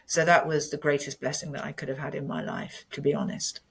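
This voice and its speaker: A woman's voice: low voice, brisk, gravelly, husky. A woman in her fifties, a podcast guest telling a personal story in an earnest, candid way. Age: 50s. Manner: earnest and candid, animated when retelling.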